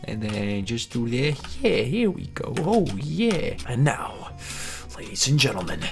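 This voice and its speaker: A young man hosting a casual game commentary, playful and chatty, laughing often. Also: medium pitch. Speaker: gaming video host.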